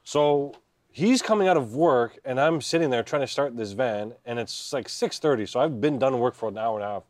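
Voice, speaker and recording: A man appearing as a guest on his brother's podcast, telling a story in a calm, measured way, outdoors in a backyard. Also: mid-range voice, dry recording. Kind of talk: casual chat, storytelling.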